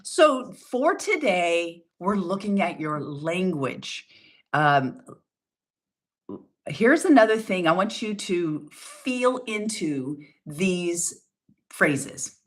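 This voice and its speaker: Middle-aged woman wellness coach, emphatic and encouraging, animated delivery, rhetorical questions. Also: fairly low pitch, extremely slow. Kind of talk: motivational talk.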